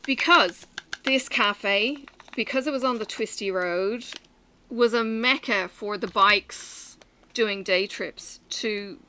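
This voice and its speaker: A woman chats away while stitching, telling a rambling story. Her voice is bright and clear, full of fillers and asides. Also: medium pitch. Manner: chatty storytelling with many fillers. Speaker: vlogger. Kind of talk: casual chat while stitching.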